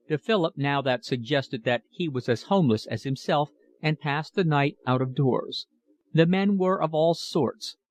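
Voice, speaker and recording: A man narrating an audiobook of a classic novel in a measured, even reading. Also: medium pitch. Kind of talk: scripted narration.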